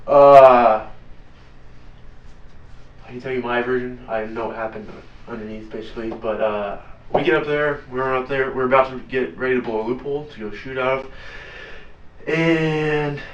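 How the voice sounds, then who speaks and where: Man, mid pitch, blunt profane storyteller, heard from afar in a roomy space. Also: a little hiss or hum. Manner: blunt, profane, halting with many fillers. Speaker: interview guest, former Navy SEAL. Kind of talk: casual storytelling interview. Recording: roomy, distant, dull lo-fi sound.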